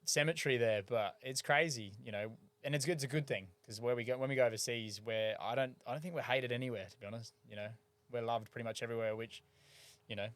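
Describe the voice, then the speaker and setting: A man's voice: medium pitch, quick pace, a bit bright, no echo. An Australian man in casual podcast chat, chatty and agreeable, often chiming in with short replies. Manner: chatty, agreeable, backchannels a lot. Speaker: podcast co-host or guest.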